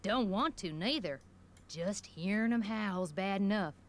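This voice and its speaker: Woman playing a folksy shopkeeper, gossipy, rural drawl, colorful slang, video game, middle pitch, faint noise. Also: lively intonation, measured pace, close to an everyday voice. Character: folksy small-town shopkeeper woman, gossipy, grudge-holding. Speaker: general store owner.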